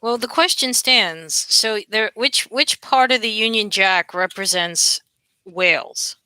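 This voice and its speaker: A woman's voice: mid-range voice, slow pace, pushed and bright, clear, resonant tone, dry recording. A woman with a New York accent, chatting casually on a live stream, repeating herself and asking viewers questions. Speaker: livestream host.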